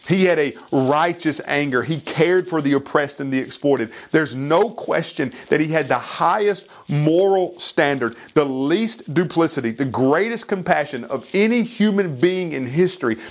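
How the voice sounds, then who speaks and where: A man preaching a sermon who retells a story in an earnest, pleading way and speaks slowly and deliberately. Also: on the high side, animated.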